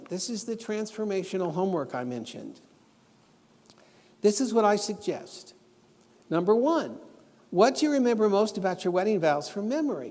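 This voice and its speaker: High-voiced yet darkish in tone, this middle-aged man is a guest preacher giving a sermon lesson, and the church auditorium adds a long reverb. Earnestly instructive, he weaves in personal stories and assigns homework.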